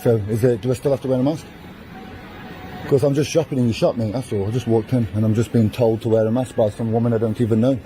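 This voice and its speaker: A man's voice: medium pitch, fairly even intonation, quick pace, dark tone, slight background noise. A man lecturing a shop worker in a condescending way. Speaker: shopper.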